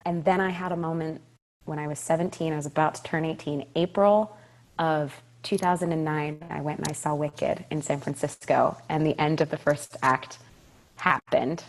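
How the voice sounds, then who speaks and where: Animated young woman telling a story. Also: low voice, normal speed. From California. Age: 20s. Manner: animated, emphatic, repeats phrases, laughs often. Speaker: Broadway actress, guest. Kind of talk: casual interview storytelling.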